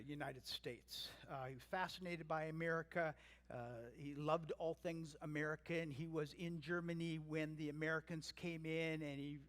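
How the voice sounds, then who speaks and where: A man's voice: on the high side, fairly bright tone. A man from Canada preaching a sermon as pastor, earnest and emphatic, mixing teaching with family storytelling. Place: church sanctuary. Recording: long hall reverb.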